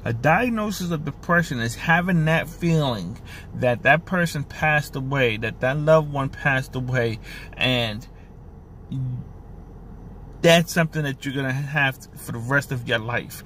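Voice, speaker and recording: A man's voice: medium pitch, unhurried, fairly bright tone, a little hiss or hum. A man talking straight to the camera in an earnest, repetitive and emotional way, recorded on the camera's own mic. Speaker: vlogger. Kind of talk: personal talk to camera.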